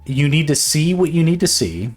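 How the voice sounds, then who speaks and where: A man's voice: fairly high pitch, sing-song, normal speed, breathy edge, faint music behind. A man who streams his illustration work, chatting casually and rambling while he draws, swearing often, laughing, and filling his talk with restarts and fillers. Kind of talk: casual chat while drawing.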